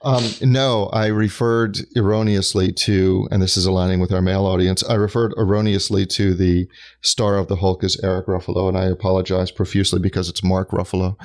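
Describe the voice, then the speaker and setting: Low-voiced man chatting on a podcast. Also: flat delivery, a little fast, a little mellow. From North Carolina, US. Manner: reflective, joking, rambling. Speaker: podcast co-host. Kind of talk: casual chat.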